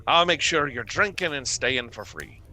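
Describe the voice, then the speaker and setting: Man playing a jovial dragonborn official, folksy drawl, bright and forceful. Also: medium pitch, sing-song, moderate pace, low-quality recording. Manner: folksy, drawling "be" dialect, exclamatory.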